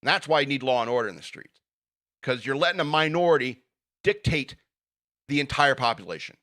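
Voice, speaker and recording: A man's voice: medium pitch, expressive, a little fast, bright, forceful tone. Blunt sarcastic man ranting on news. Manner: blunt and sarcastic, with frequent fillers and laughs. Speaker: podcast host. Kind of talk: casual opinion rant reading news.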